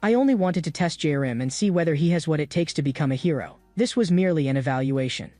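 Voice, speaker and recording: A smug, cold-blooded young heir from a comic story recap, speaking slowly with easy, mocking calm, as a male narrator puts him on. His voice sits fairly high and sounds dry and close. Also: no echo, faint music behind, lightly acted.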